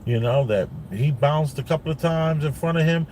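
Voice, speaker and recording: With slight background noise behind him, a father sits in his car and rambles through a family story, repeating himself and saying "like" and "you know" a lot. His voice is fairly high, a little mellow, at a moderate pace.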